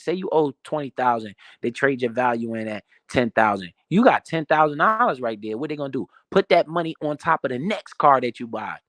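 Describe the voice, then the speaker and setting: A man's voice: medium pitch, a bit bright, dry recording, studio quality. A man giving a profane, emphatic motivational rant about money in a casual way. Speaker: motivational finance streamer.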